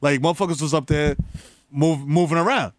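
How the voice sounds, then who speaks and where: A man, an excitable podcast co-host trading quick jokes in casual chat. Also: fairly high pitch, no room sound, studio quality. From New York.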